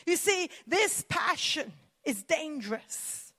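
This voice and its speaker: A woman's voice: high voice, big pitch swings, slow pace, pushed and bright. A woman preacher, delivering an emphatic sermon full of repetition.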